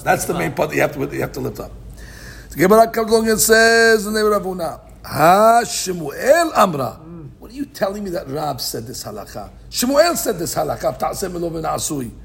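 In this podcast of a live class, a man with a high, gravelly voice teaches the daily Talmud lesson at a brisk clip. He reads the Aramaic text, explains it in English, and animatedly fields his own questions.

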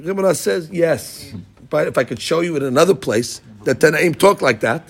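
A man leads a daily Talmud class, his voice pitched a bit high with a husky, gravelly edge. He keeps throwing rhetorical questions at his students and mixes Hebrew and Aramaic terms into his explanations. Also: expressive, normal speed. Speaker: Talmud teacher.

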